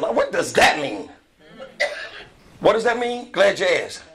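A man preaching a lively sermon. He retells scripture with call and response, swinging between loud shouts and hushed, quiet storytelling. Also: a little high, unhurried, long pauses.

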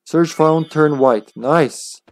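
A man's voice: fairly high pitch, takes it slowly, dry recording. A man chatting playfully and laughing as he plays a game on a live stream.

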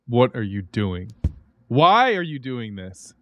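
A gaming YouTuber does let's-play commentary on a horror game, talking to himself and letting out startled yelps and gasps. His medium-pitched voice is very animated, unhurried and a bit bright. Game music plays behind him, with slight background noise.

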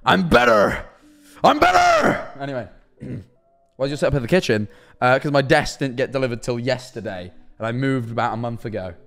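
A young man chatting on a live stream from his kitchen, telling a rambling, animated story and answering chat. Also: mid-range voice, fairly quick. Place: kitchen at home.

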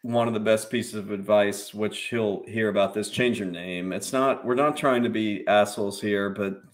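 A man's voice: fairly low pitch, fairly even intonation. A man co-hosting a livestream, casually chatting and dropping short wry quips. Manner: wry, quick one-word quips. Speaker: livestream co-host.

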